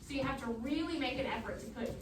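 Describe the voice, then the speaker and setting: A woman leading a choir rehearsal, giving brisk, encouraging instructions and singing short examples. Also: high voice, noisy background. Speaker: choir teacher. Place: rehearsal room. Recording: echoey room, mic far off.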